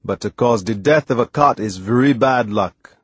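A man's voice: mid-range voice, normal speed, a bit bright, husky, no echo. A man reading a storybook, voicing an old sailor from the with a lilting dialect and an earnest manner. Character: old West Indian sailor, calm, devoted.

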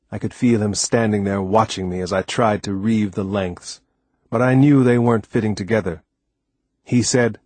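A man reading a first-person story aloud as an audiobook narrator, measured and deliberate. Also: on the low side, darkish tone, no echo.

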